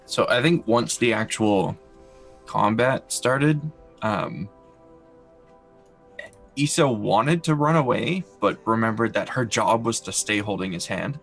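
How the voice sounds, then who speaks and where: Calm player, a man with a low, gravelly voice. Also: slow pace, faint music behind. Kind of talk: casual chat at a game table.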